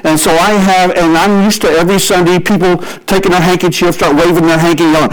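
Male pastor, sermon, high-pitched speaking voice, story-driven, leans on slow emphatic lines; radio broadcast sound. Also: fairly even intonation, rough recording. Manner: storytelling preacher who shifts pace for emphasis.

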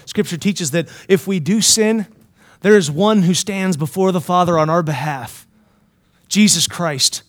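High-voiced man preaching with emphasis. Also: a little slow. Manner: emphatic, swinging between loud and hushed; asks the listeners many questions. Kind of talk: sermon. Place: Bible college chapel.

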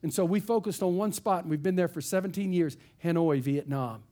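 Animated pastor, high voice. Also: male voice, a little fast. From East Texas. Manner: animated, folksy storyteller. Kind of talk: sermon storytelling.

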